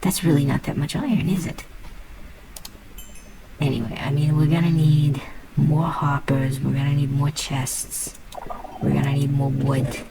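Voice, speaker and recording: A woman's voice: deep voice, fairly even intonation, a little slow, gravelly, long pauses, heavy background noise. A woman casually talking through her gameplay, playful and muttering to herself, swearing now and then. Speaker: gamer.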